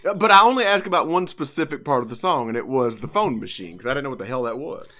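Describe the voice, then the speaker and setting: A man's voice: mid-range voice, fast. A man co-hosting a podcast, chatting casually and joking. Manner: animated, joking. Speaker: podcast co-host. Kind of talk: casual chat.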